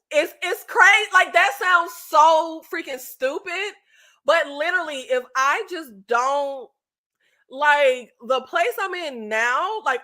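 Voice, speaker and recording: On a live stream, a YouTube host with a high, bright voice chats casually with her subscribers. She's animated and unfiltered, swearing freely and looping back with fillers and restarts.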